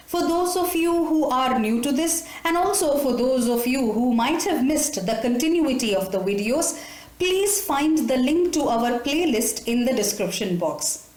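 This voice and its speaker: A woman storyteller narrates a fable with lively, swinging intonation. Her voice sits high. The recording has a roomy echo. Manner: expressive, with wide pitch swings. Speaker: storyteller host. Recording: echoey room.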